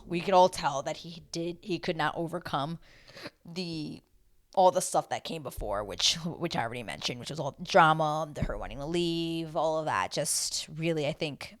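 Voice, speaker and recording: A woman hosting a reality TV recap, talking casually to a camera she filmed herself with, animated and swearing freely. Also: sits low. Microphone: self-filmed camera.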